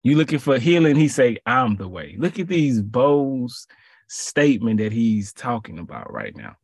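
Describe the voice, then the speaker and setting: Husky man preaching in casual slang. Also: mid-range voice, dry recording, clean studio sound. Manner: conversational, slangy, repeats phrases. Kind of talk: casual sermon.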